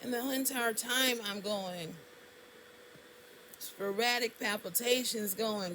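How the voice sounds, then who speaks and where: A woman's voice: fairly high pitch, slow, long pauses, bright, forceful tone, a little hiss or hum, rough recording. A woman tells a story to camera in a casual, indignant way, and her voice jumps up sharply on exclamations. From Alabama, US. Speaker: vlogger.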